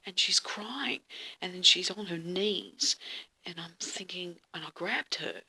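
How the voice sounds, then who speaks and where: A woman's voice: fairly low pitch, unhurried, vocal fry, bright, forceful tone, breathy edge. A woman telling a dream story in a dramatic, casual way, often dropping to a whisper and swearing freely.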